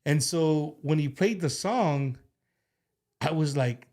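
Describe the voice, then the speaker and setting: A man's voice: fairly high pitch, slow, darkish tone. A man hosting a casual talk show, speaking in a rambling, heartfelt way with many restarts and fillers. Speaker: show host. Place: studio.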